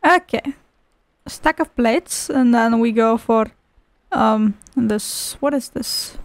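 Streaming a horror game, this woman gives profane, mock-angry, sarcastic commentary, shifting into a sing-song voice when reading a storybook aloud. She speaks slowly in a slightly high voice, with no room sound.

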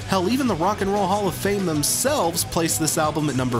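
A man's voice: high voice, expressive, fairly quick, few pauses. A man in his thirties, a rock critic host, delivering scripted music review commentary in an emphatic, sardonic way.

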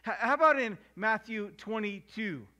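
Bright high-voiced male pastor preaching. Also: lively intonation. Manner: emphatic preaching, slowing down to stress verses; plays out household scenes in voices. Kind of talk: sermon.

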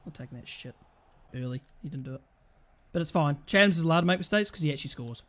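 A young man streaming a football video game, swearing constantly and switching between shouted outbursts and muttered grumbling at the match. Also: on the high side, fast. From England. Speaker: gaming streamer. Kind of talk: live gameplay commentary.

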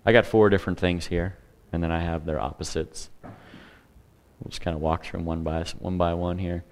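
A man's voice: low voice, fairly even intonation, normal speed, slight background noise. A man preaching a sermon in a conversational way, with humor and asides to the congregation. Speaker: pastor.

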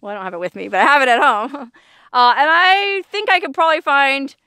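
A woman's voice: high voice, fairly quick, bright, forceful tone, dry recording, studio quality. A woman talking to camera outdoors in the desert, chatty and earnest, laughing often and using folksy exclamations. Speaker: vlogger. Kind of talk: casual outdoor vlog monologue. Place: outdoors in the desert near Las Vegas.

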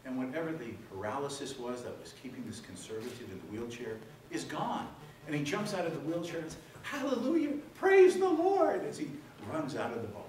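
A man giving a public lecture, telling jokes in an animated storytelling way before the serious talk. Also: medium pitch, quick pace. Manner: animated storyteller, voices the joke characters. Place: lecture hall with audience. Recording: echoey hall, distant mic, room noise.

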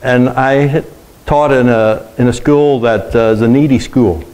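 A man's voice: medium pitch, steady tone, a little slow, a little mellow, rough recording. A middle-aged man, a pastor, preaching a sermon to a congregation, telling personal stories in a conversational way and asking the room questions.

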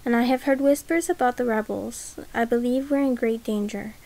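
A woman reading the part of a guarded noblewoman, the regent's wife, speaking in a measured, careful way. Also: on the high side, darkish tone, close to an everyday voice, poor audio. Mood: earnest.

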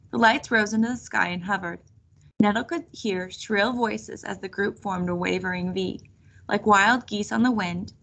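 Husky woman reading a storybook aloud. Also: mid-range voice, fairly bright tone. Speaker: reader. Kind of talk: reading a children's chapter book aloud.

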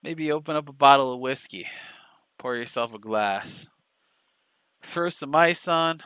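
A man talks in a casual, sarcastic commentary style, mocking his target and swearing freely. His voice is much lower than his impressions and recorded dry and close. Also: unhurried, long pauses, bright, forceful tone, clean tone, no room sound. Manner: sarcastic, mocking storytelling with profanity. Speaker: commentary YouTuber.

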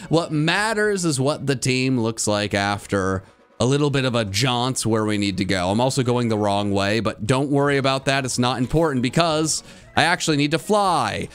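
A man streaming a video game live, chatting with his viewers and breaking into loud, frustrated outbursts. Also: mid-range voice. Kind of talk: live gameplay commentary.

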